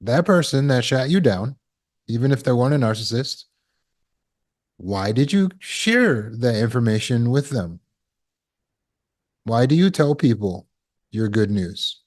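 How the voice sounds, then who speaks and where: A man's voice: medium pitch, expressive, a little slow, long pauses, a little mellow. A man giving a spoken lesson to an online audience. As a healing course teacher, he asks rhetorical questions and repeats words while he thinks.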